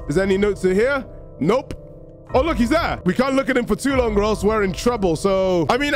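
A young man doing let's-play commentary on a horror game, with a high, lively voice that leaps around. He is excitable and jokey and fires off quick reactions and shouts. Faint music plays behind him. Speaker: gaming YouTuber.

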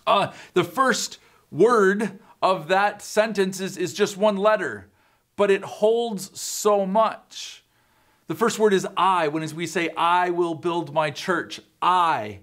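A man's voice: high voice, slow pace, a bit bright. A man giving an earnest sermon to students as a youth pastor, with fillers and restarts.

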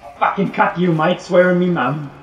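A man's voice: sits high, fairly even intonation, moderate pace, a bit bright, echoey room, far from the mic, muffled recording, soft background music. A man putting on a mock Cockney accent as a cocky street tough, growling jokey threats. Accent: put-on Cockney.

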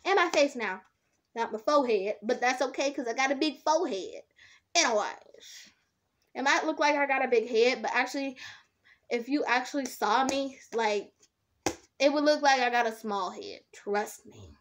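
A woman's voice: high voice, normal speed, slight background noise. A young woman chatting casually to her camera in a rambling, self-talking vlog, drawing out her words. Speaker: slime vlogger. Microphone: camera set up nearby.

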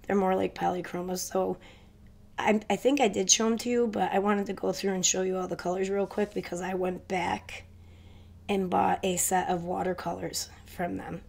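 Gravelly, stuffy-voiced woman vlogger. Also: medium pitch, little pitch movement, darkish tone. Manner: chatty, hurried, addresses viewers directly. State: stuffy from a cold. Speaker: crafting vlogger. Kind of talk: casual haul video chat.

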